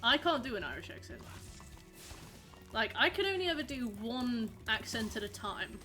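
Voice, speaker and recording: A young woman livestreams a game and chats away to her viewers, wandering from topic to topic. Her voice is bright, crisp and set a little high. Faint game music plays behind her. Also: sing-song, moderate pace. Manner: chatty, rambling, reacting to chat messages. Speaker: streamer. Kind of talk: casual live-stream chat while gaming.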